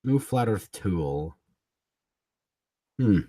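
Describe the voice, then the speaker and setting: Combative man ranting on a livestream, very animated. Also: on the low side, very slow, no echo. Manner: combative and mocking, swearing, chuckling between jabs. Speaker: livestream host.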